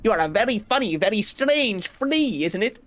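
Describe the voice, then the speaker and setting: Courtly flea caravan master, put on by a young man: mock European accent, broken grammar, slow and stately, lively high voice. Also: a little hiss or hum. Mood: friendly. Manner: slow, grand, welcoming delivery. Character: hospitable male flea caravan leader, courtly.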